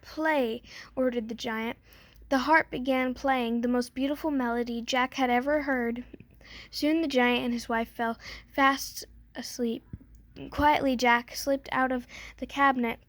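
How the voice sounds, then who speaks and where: Woman storyteller, high voice, fairy tale read aloud, dry close sound. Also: no room sound. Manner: gentle storybook reading with small slips.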